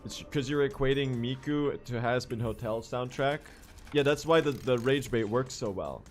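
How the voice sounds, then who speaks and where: A young man streaming a speedrun, chatting casually, joking with chat, swearing and bursting into shouts. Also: medium pitch, moderate pace, faint music behind. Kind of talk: casual livestream commentary while gaming.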